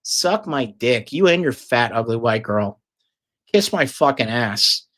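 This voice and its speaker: A man's voice: mid-range voice, expressive, a little slow, fairly bright tone. A man telling a long, casual story, rambling and swearing heavily with lots of fillers. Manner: profane, rambling, filler-heavy.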